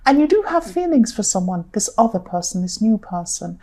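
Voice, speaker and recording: Tired, croaky woman reading tarot. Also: medium pitch, sing-song, brisk, dark tone. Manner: rambling, repeats herself often. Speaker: tarot reader.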